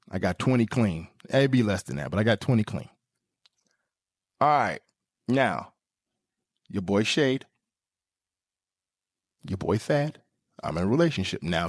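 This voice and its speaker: Animated man doing comedic podcast monologue. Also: dry recording, studio quality. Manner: animated, joking, with sudden jumps into high squeaky tones. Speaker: podcast host.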